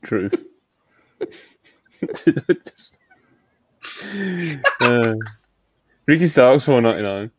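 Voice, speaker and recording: A man's voice: mid-range voice, expressive, drawn-out words, long pauses, no echo. A man hosting a podcast in casual chat, laid-back, laughing often and reading out donations.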